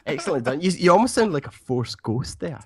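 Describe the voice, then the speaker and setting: Excitable man hosting a fan podcast. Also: a little high, fairly quick, crowd noise. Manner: excitable, stammers and repeats words. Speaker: podcast host. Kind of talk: casual fan podcast chat.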